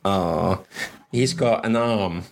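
A man's voice: deep voice, takes it slowly, vocal fry, slight background noise. Chatty man hosting a stream. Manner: chatty, joking, puts on silly robot voices. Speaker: livestream co-host. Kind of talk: casual chat.

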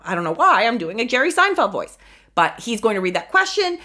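A woman hosting a podcast, recapping casually and animatedly, swinging from mumbled asides to loud exclamations. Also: mid-range voice, expressive, normal speed. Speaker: podcast host.

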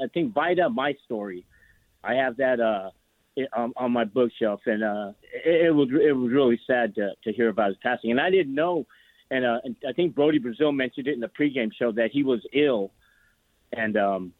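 A man's voice: medium pitch, dry recording. A man calling in to a sports radio show, telling a long story with many restarts and fillers. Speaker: caller. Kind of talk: casual phone call to a sports radio show. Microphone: phone. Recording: tinny phone line, dry.

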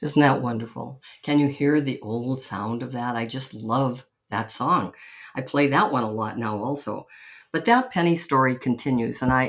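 Chatty middle-aged podcast host telling stories. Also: mid-range voice. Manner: chatty, intimate, laughs between anecdotes. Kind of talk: personal storytelling.

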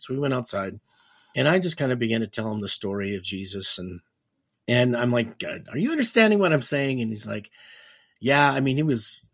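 A man, a Christian minister and podcast guest, telling stories in a casual, animated way and acting out the dialogue he quotes. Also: fairly low pitch. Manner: animated storyteller, acts out quoted dialogue with restarts. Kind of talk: casual storytelling.

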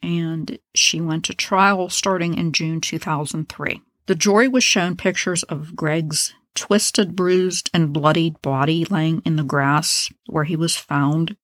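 A woman's voice: low voice, steady tone, slow, few pauses, no room sound. A woman hosting a true crime podcast, telling a case in a casual, blunt, opinionated way with profane asides.

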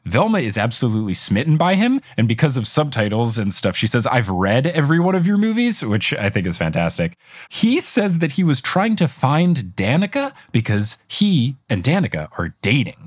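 A man co-hosting a casual podcast, recapping a cartoon episode with animated storytelling and chuckling asides. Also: mid-range voice, normal speed, slightly rough, no room sound, studio quality. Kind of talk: casual chat.

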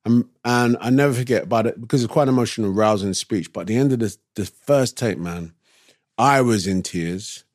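A man's voice: on the low side, a little fast, a little mellow, dry recording, studio quality. A man, a guest actor, telling a story in a casual chat and acting out other people's lines as he goes.

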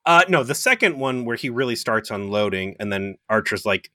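Low-voiced man, dry close sound. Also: brisk, hardly any pauses, bright, forceful tone, no room sound. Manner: profane, joking, retells scenes with quoted voices. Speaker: podcast co-host. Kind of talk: casual review chat.

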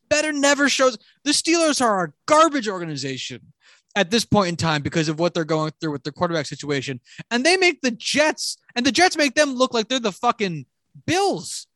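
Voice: mid-range voice, a bit bright, no room sound. A sports fan delivering a furious, profane, sarcastic rant about their football team. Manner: exasperated, sarcastic.

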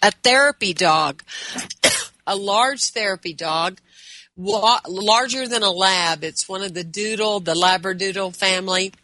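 A woman's voice: mid-range voice, measured pace, pushed and bright, no room sound. A woman hosting an interview, engaged and repeating words as she starts her sentences. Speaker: interview host. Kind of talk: conversational interview.

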